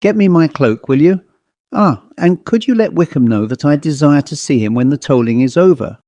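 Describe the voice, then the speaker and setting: A man voicing an old-fashioned country rector who speaks crisply and a little impatiently. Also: a little high, lively intonation, normal speed, dark tone, no echo. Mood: brisk. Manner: crisp, clipped and somewhat impatient. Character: brisk, fussy male country rector.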